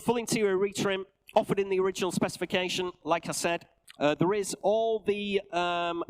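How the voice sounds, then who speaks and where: A man working as an auctioneer at a live auction, calling bids briskly and adding joking asides to the room. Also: fairly high pitch, clean tone, poor audio. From England.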